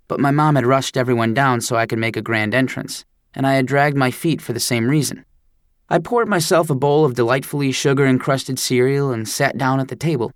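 Homem narrando com humor seco. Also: male voice, mid-range voice, no room sound, clean studio sound. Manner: wry, self-deprecating storytelling. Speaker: audiobook narrator. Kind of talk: first-person audiobook narration.

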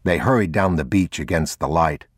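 A man narrating an audiobook in a measured, unhurried, even delivery. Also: sits low, breathy edge, dry recording, studio quality.

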